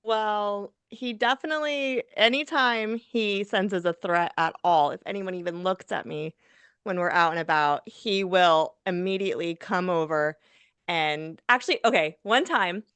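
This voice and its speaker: Bright clear-voiced woman telling a story. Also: mid-range voice, unhurried, dry recording. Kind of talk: casual storytelling chat.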